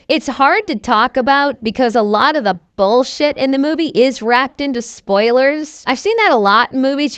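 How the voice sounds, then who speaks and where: A woman's voice: fairly high pitch, no room sound, dull audio. A woman giving a casual, sarcastic, profane movie review to camera, wandering off on tangents.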